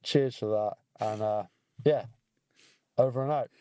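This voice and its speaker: British man, mid-pitched, dry sound, laddish sweary army banter. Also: unhurried, dark tone, dry recording. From United Kingdom. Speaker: podcast co-host, army veteran. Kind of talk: casual chat.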